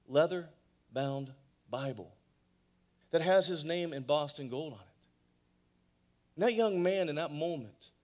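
A middle-aged man preaching from the pulpit at a mid-range pitch. He tells his story dramatically, his voice swinging from hushed and low to loud and high. He sounds like a church pastor addressing his congregation. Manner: dramatic storyteller, voice rising and falling widely. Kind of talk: sermon with storytelling. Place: church sanctuary.

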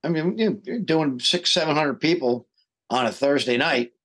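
A man's voice: fairly high pitch, moderate pace. A man, a guest singer, telling a story in casual podcast talk and acting out the quoted dialogue. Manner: animated, acts out quoted dialogue.

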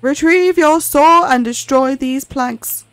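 A woman voicing a commanding otherworldly master in a game, speaking slowly, loudly and solemnly. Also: high voice, no echo, heavily acted. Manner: slow, loud, solemn commands.

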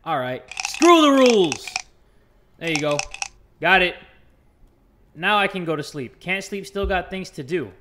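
Young male gamer, high voice, playing horror at his desk, faint hiss behind him. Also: moderate pace, pauses often, rough recording. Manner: jumpy, loud outbursts and joking asides. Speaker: gaming YouTuber. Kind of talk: horror game let's play commentary.

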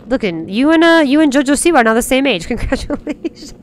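Bubbly high-voiced woman streaming a game. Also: expressive, fast, hardly any pauses, a little hiss or hum. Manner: bubbly, gasping, playful chatter with viewers. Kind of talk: live game streaming chat. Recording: faint game music under voice.

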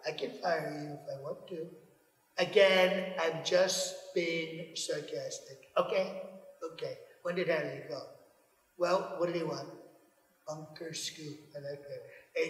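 An actor playing a boastful, petulant president hiding in a bunker, in a comedic impression that keeps repeating itself and whining. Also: male voice, on the high side, a bit bright, heavy reverb, big-room sound, far from the mic, poor audio. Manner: boastful, repetitive, whiny.

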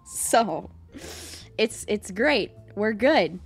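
A woman streamer chatting casually with her viewers live, excitable, swearing freely and laughing often, rambling and repeating herself. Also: medium pitch, extremely slow, slightly rough, soft background music.

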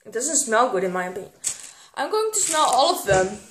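A teenage girl, filming a casual vlog and getting excitable, squealing when something pleases her. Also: fairly high pitch, brisk, slight background noise. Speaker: vlogger. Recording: echoey room.

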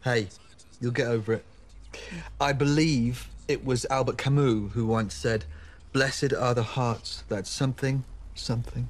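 A man playing a deadpan slacker Dan. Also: mid-range voice, unhurried, natural voice. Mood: laid-back. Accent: British. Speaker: Dan, a lazy young man house-sitting. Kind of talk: British TV sitcom acting.

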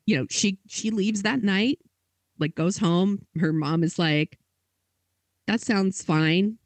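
A man hosting a podcast, telling a story in a casual way, with lots of fillers and quick acted quotes. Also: sits high, no echo. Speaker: podcast host.

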